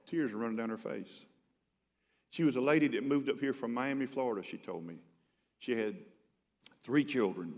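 A pastor delivers a sermon like he is telling a story to friends. His voice sits a little low. He often stumbles and repeats words as he begins a thought. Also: darkish tone. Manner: conversational storytelling, repeats words when starting sentences.

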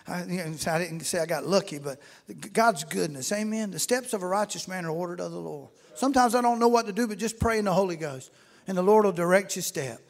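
A middle-aged man with a high-sitting voice preaches a sermon through folksy storytelling, acting out the shouts of congregants as he goes.

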